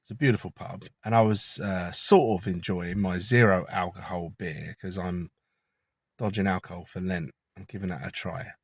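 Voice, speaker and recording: Low-voiced man ranting chattily. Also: steady tone, moderate pace, no echo. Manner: chatty, conspiratorial, swears casually. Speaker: vlogger. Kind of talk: rambling opinion monologue.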